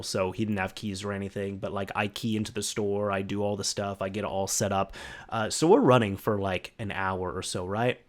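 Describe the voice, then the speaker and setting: A man hosting a solo podcast, telling a casual story full of "like" and restarts. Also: mid-range voice. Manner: chatty, full of "like" and restarts, acts out quoted voices. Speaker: podcast host.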